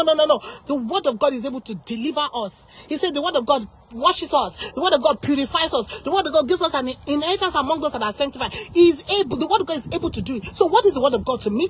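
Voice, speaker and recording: A woman's voice: high voice, low-quality recording. A woman hosting a faith channel, speaking in a fired-up, emphatic, preachy way with many restarts. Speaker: Christian channel host. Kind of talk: passionate faith talk to camera.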